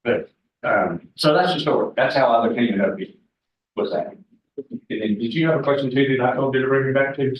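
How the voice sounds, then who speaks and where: Talking fairly quickly in a mid-range voice, this folksy guest speaker in his forties jokes with a real estate team and shares candid stories in a meeting room. The recording is dull and echoey, captured from far away.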